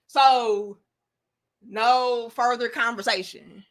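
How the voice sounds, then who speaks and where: Woman on a livestream, bright voice, cussing and talking straight to chat. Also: on the high side, moderate pace. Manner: blunt, profane, animated storytelling. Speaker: livestream host reading chat.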